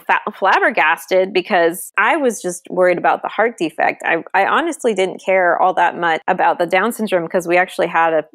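A woman in her thirties recounts a personal story in a relaxed conversational tone, her voice lifting and dropping as she acts out quotes. The sound is close and dry, with no room around it. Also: fairly low pitch, normal speed, few pauses, no room sound. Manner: animated storytelling with acted-out quotes. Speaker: podcast guest. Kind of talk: casual conversation.

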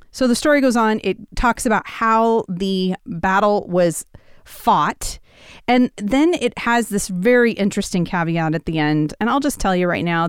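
A woman teaching a Bible passage in a casual, conversational way, telling the story with animated quoted lines. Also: mid-range voice, smooth, no echo, clean studio sound.

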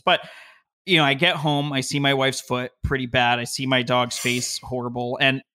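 A man telling a long personal story from his home office, in an animated, heated way with quick bursts of speech. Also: medium pitch. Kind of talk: conversational storytelling.

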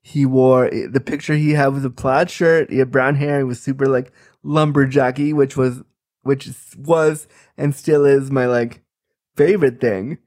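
A man's voice: medium pitch, steady tone, unhurried, a little mellow. A man in his thirties telling a comic personal story, candid and chatty, full of fillers. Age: 30s.

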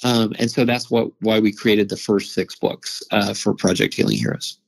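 Husky, animated middle-aged man telling a story. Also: lowish voice, normal speed, low-quality recording. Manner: animated, stammers and repeats words. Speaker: interview guest, psychologist and veteran. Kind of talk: conversational storytelling.

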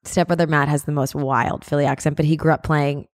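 Woman podcast co-host, 30s, lower voice, chatty, laughing, dry studio sound. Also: little pitch movement, no room sound. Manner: chatty, quick to laugh, mimics people. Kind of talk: casual chat. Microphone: podcast mic.

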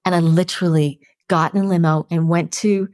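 A woman actress, a guest telling an anecdote, acting out what others said in lively voices. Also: on the low side, a little fast, no room sound, studio quality. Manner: lively, acts out quoted people. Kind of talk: storytelling anecdote in interview.

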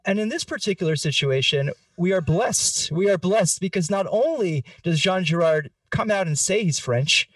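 A man's voice: high voice, expressive, moderate pace, hardly any pauses, no echo, recorded from a distance. A man hosting a podcast, talking in a playful, jokey way. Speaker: podcast host. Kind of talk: casual podcast discussion.

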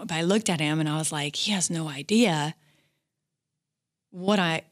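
Low-voiced woman recounting a hard story. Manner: candid, halting, emotional retelling with many fillers. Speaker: guest. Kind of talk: personal storytelling in an interview.

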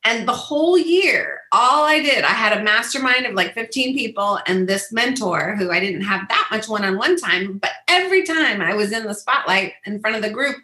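Bright, animated woman in an echoey room. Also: normal speed, few pauses. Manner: animated, acts out quotes in a high voice. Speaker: guest, business coach. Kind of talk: casual interview conversation.

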